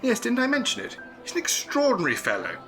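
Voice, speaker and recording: An actor playing an eccentric, jolly English gentleman adventurer in a comic radio play, plummy and prone to chuckling. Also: very high-pitched, huge pitch swings, fast, faint music behind, heavily acted. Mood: playful.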